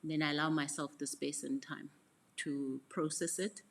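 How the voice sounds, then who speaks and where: A middle-aged woman mentorship coach, giving a frank, reflective motivational talk with repeated words and soft asides. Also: low-pitched, fairly even intonation, normal speed, vocal fry.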